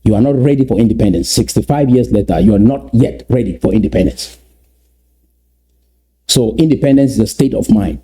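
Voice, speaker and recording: A man delivers a fervent address to his community, leaning on repetition and rhetorical questions. His voice is very dark and mellow, with a husky edge. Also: mid-range voice, a little fast. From Southern Cameroons. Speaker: political speaker.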